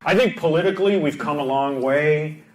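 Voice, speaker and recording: A man doing crowd work as a stand-up comedian, brash and teasing, firing off quick punchlines on a club stage. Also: a little high. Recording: echoey club with loud crowd noise.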